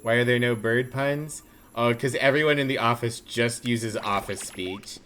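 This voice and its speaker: A man's voice: medium pitch, moderate pace, a bit bright. A man streaming a game, joking and chatting casually, swearing now and then.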